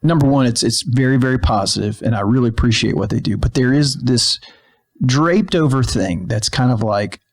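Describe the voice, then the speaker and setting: A man's voice: mid-range voice, moderate pace. A man co-hosting a podcast, telling stories in a rambling casual chat full of fillers and restarts, in a filmed studio. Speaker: podcast co-host.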